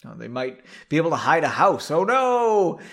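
A man's voice: on the high side, big pitch swings, moderate pace, vocal fry, a bit bright. A man hosting a podcast, reading a story aloud and breaking in with sarcastic, mocking asides. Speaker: podcast host.

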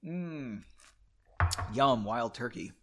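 A man's voice: medium pitch, expressive, drawn-out words, noisy background. A man hosting a comedic book reading podcast, breaking off to drink and mock the text with sarcastic asides. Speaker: podcast host.

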